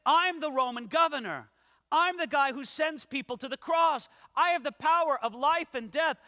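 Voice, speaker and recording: A preacher putting on an exasperated Roman governor. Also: male voice, very high voice, moderate pace, sharp tone, voice pushed up. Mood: domineering. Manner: pleading, insistent, stammering repeats. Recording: long hall reverb.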